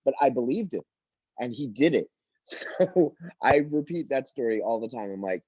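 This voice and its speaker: A man's voice: medium pitch, animated, normal speed, a little mellow, breathy edge, no echo. A man on a casual video call, rambling and self-mocking, stammering through restarts. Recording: dull lo-fi video call audio.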